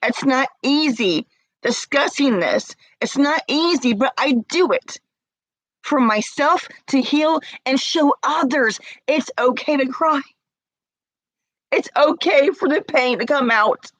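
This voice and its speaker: A woman's voice: sits high, lively intonation, takes it slowly, no room sound, rough recording. A woman crying as she talks to camera, confronting someone with repeated pointed questions in an emotional rant. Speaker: vlogger.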